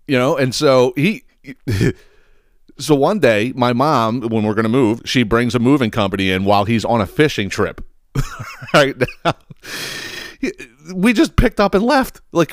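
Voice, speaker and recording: Podcast guy with a lowish voice, swearing and laughing through a story, dry close sound. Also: dry recording. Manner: profane, animated, laughs often; many fillers and restarts. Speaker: podcast host. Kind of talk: casual storytelling monologue.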